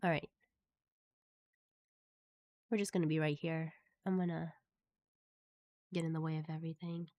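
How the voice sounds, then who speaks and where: A woman's voice: low voice, little pitch movement, normal speed, long pauses, mellow, no room sound. A woman streamer chatting casually with her viewers while playing a game and reading its text aloud. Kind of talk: casual live-stream chat while gaming.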